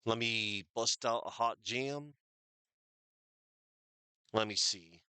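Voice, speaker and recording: Man, streamer sign-off chat, bright crisp voice, rambling and thankful, dry close mic. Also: medium pitch, takes it slowly, no room sound. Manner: rambling, thankful, chatty with fillers.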